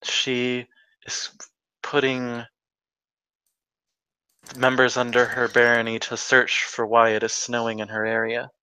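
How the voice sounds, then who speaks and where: A man voicing a meek young woman, earnest and hesitant, speaking slowly and brightly. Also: medium pitch, monotone, smooth, dry recording, rough recording.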